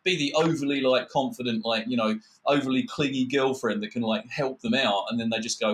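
A man's voice: medium pitch, fairly even intonation, fast talker, hardly any pauses. An Australian man, a guest on a video call, ranting in casual chat, swearing freely and mocking others with put-on quotes.

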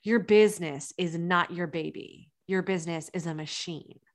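A woman's voice: lowish voice, moderate pace. A woman in her thirties, a business coach, talking earnestly and encouragingly in a motivational monologue. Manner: earnest and encouraging, with emphatic restarts.

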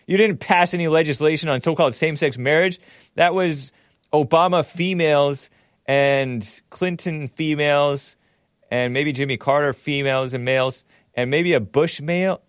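A man's voice: on the high side, normal speed, dry recording, studio quality. Sarcastic male commentary host. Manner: sarcastic, mocking. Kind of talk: commentary on the news.

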